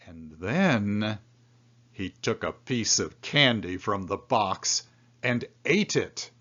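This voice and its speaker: A man reads a children's storybook aloud at a slow, easy pace. His voice is fairly low and rises and falls a lot as he tells the tale. The recording sounds dull and lo-fi. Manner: slow, expressive storytelling with lively pitch swings. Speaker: storybook reader.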